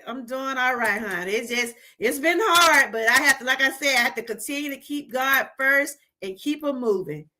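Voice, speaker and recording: A woman's voice: high-pitched, lively intonation, moderate pace, hardly any pauses, sharp tone. A middle-aged woman from Georgia, hosting a casual livestream and giving a heartfelt testimony straight to her viewers. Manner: heartfelt, talks straight to viewers, reads out chat. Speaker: livestream host.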